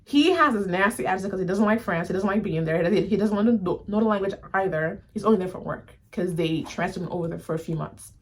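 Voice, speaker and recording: Chatty woman with a husky voice. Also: mid-range voice, fast, hardly any pauses. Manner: animated, addresses viewers as y'all, many fillers. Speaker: YouTube reviewer. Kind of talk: casual review chat to camera.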